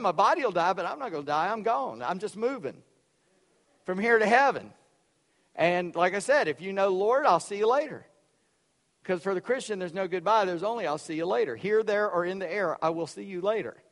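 A man preaching a sermon, loud and emphatic, dropping suddenly to quiet for effect. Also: sits high, in a large hall. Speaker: pastor.

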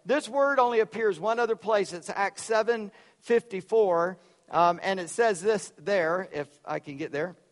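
Loud high-voiced preacher in a hall. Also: male voice, unhurried. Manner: loud, emphatic preaching with sudden drops to quiet. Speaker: pastor. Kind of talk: sermon.

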